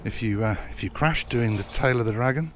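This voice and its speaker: A man's voice: mid-range voice, a little fast, a little hiss or hum. An English man vlogging outdoors on a motorcycle trip, chatty with dry self-mocking humor. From England. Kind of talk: casual travel vlog.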